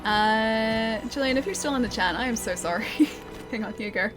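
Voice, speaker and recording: A woman's voice: a little high, moderate pace, over music. A young Australian woman chatting casually while streaming a game, reading chat aloud and laughing often. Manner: chatty, giggly, reads chat aloud and answers.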